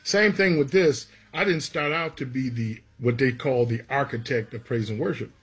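Husky-voiced man telling a church story. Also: mid-range voice, moderate pace. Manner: animated storyteller who acts out quotes. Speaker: gospel songwriter. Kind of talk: storytelling interview.

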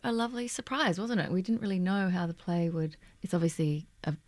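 A woman's voice: fairly low pitch, no echo. An actress, chatting in an interview and searching for her words as she talks. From Australia. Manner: warm, halting, searching for words. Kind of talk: casual interview chat.

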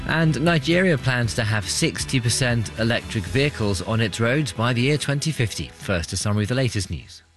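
A man presenting a radio news programme, reading headlines briskly. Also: medium pitch, lively intonation, a bit bright, soft background music.

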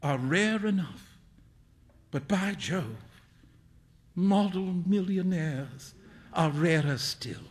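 A man voicing a jovial upper-class male painter who teases his friend with booming laughter. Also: expressive, takes it slowly, pauses often, big-room sound, noisy background. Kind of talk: dramatic story reading.

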